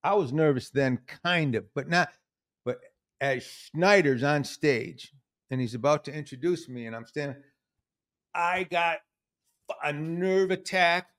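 A man with a fairly high-pitched voice hosts a podcast in a relaxed, conversational style. He tells stories with animation and slips into other voices whenever he quotes someone. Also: unhurried. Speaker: podcast host. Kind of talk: casual conversation.

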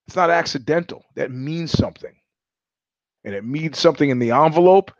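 A man's voice: on the high side, a little fast, no room sound, lo-fi sound. A middle-aged man from New York hosting a live-streamed show, telling stories in a blunt, profane, sardonic monologue. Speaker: host.

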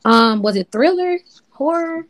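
Blunt, animated woman podcast co-host. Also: sits high, unhurried. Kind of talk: casual chat.

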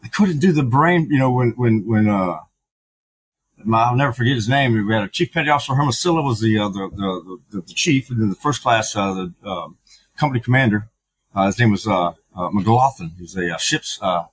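A man's voice: fairly low pitch, lively intonation, fairly quick, slightly rough, poor audio. A middle-aged man, a podcast guest, telling his story candidly, with frank, profane talk full of fillers and restarts.

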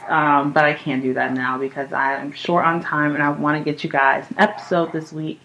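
Young woman host, casual home podcast, high and chatty, swears freely, laughs often. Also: moderate pace, a little hiss or hum, poor audio. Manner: profane, laughing, animated storytelling. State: high on cannabis. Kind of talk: casual chat. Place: home apartment.

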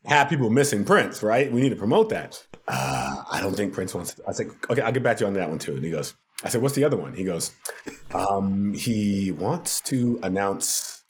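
Slightly low in pitch, this man's voice comes with a bit of background noise. He's a TV producer on a podcast, spinning a lively tale full of laughter and performed quotes.

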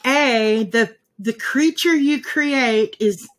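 A woman in casual conversation, animated and laughing often, her thoughts jumping ahead of her words. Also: fairly high pitch, slow.

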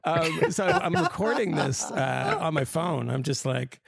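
A man's voice: on the high side, big pitch swings, measured pace, gravelly, hardly any pauses, no echo, clean studio sound. A man co-hosting a podcast, chatting casually and telling wry, rambling stories that he laughs at. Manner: wry, rambling storyteller who laughs at his own anecdotes. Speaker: podcast co-host. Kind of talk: casual panel chat.

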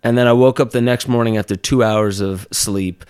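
A young man, a documentary maker on a speaking tour, tells a personal story as a podcast guest, with lively laughs and filler words. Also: mid-range voice, moderate pace, clear, resonant tone, dry recording, studio quality. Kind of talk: casual storytelling in an interview.

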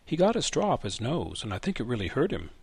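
A man doing a gruff, stubborn old grandfather. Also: mid-range voice, huge pitch swings, quick pace, darkish tone, no echo, voice pushed up, exaggerated voice. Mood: fretful. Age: older. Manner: brusque and dismissive.

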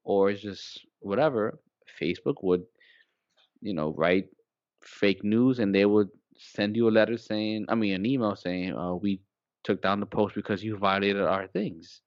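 A man co-hosting a small podcast, talking casually and rambling, getting animated when he quotes people. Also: lowish voice, unhurried, no room sound, lo-fi sound. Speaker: podcast co-host.

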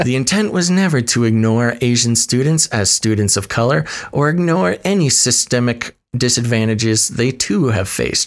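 A man's voice: medium pitch, lively intonation, moderate pace, few pauses. A man co-hosting a podcast, reading statements aloud and mocking them with dry, sarcastic asides in casual chat. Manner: sarcastic, mock-reads statements with wry asides. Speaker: podcast co-host.

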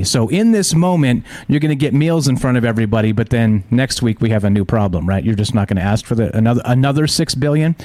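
A man's voice: medium pitch, a little fast, a little mellow, dry recording. A male host giving heated, profane news commentary full of rhetorical questions.

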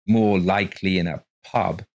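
Male reader playing a disagreeable, grumbling lawyer; low, sour delivery. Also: fairly even intonation, measured pace, no room sound.

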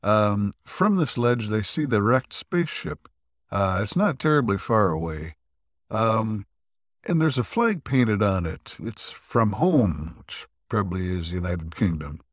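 A man with a low voice hosts a casual podcast recap. He rambles through the plot with plenty of fillers and throat clearing. The sound is close and dry, with no room around it. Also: lively intonation, measured pace, no room sound. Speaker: podcast co-host.

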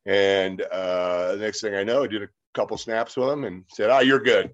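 Low-voiced man telling anecdotes. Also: moderate pace. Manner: rambling anecdotes with many fillers. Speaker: interview guest. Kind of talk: casual storytelling. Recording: slightly dull lo-fi sound.

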